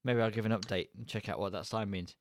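A man's voice: on the low side, steady tone, fast talker. A man co-hosting a podcast, chatting casually with a wry, joking manner. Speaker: podcast co-host. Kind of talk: casual chat.

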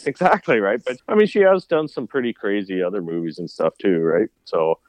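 Deep voiced guy cohosting a podcast, eager chatty, voice jumps up when he agrees. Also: animated, fairly quick, a little mellow, no echo. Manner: enthusiastic, with pitch jumping up on agreement. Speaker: podcast co-host. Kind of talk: casual chat.

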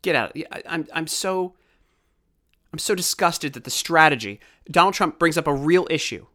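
Male podcast host from Baltimore, heated ranting commentary, bright and sharp voice. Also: a little high, animated, moderate pace. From Baltimore, USA. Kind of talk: opinionated political commentary.

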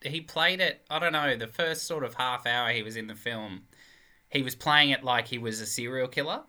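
Sarcastic man tearing into a film, sharp and very bright tone. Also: mid-range voice, moderate pace. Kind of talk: casual film review chat.

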